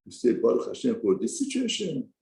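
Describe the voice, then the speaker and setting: A man's voice: mid-range voice, very animated, brisk, vocal fry, mellow, echoey room, rough recording. A man voicing God as a stern, all-powerful figure who rebukes in an exasperated tone. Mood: rebuking.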